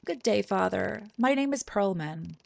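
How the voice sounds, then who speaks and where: A woman's voice: medium pitch, lively intonation, measured pace, creaky, a little mellow. A woman reading the lines of a polite investigator questioning a priest in a game, plainly and politely. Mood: polite, inquiring. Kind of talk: reading game dialogue aloud.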